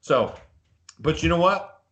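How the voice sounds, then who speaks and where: A man's voice: on the high side, animated, takes it slowly, a bit bright. A man co-hosting a casual live podcast, a boastful, rambling storyteller who talks up his own toughness. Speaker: podcast co-host.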